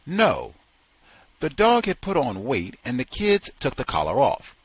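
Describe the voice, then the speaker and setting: A man voicing a relaxed, polite seventy-year-old man with an American Southern accent, louder and higher than his reading voice. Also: a little slow, husky, no echo, heavily acted. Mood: friendly.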